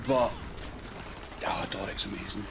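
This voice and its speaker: A man with a Scottish accent joins a livestream, sounding tired. He talks in a lowish voice, hesitant and full of fillers. Noise hisses underneath his voice. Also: measured pace, creaky. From Scotland. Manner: hesitant, warm-hearted, many fillers. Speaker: stream guest. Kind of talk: casual chat on a livestream. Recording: noisy voice chat.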